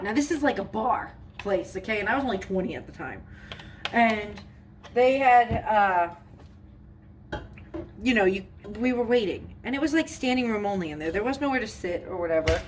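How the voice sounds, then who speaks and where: A young woman rambles through a storytime while she bakes in her home kitchen. She talks in a chatty, loose way, with lots of "like" and "you know". The recording has clear background noise throughout. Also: a little high, poor audio. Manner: chatty, rambling, many fillers. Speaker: vlogger. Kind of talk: casual storytime while baking.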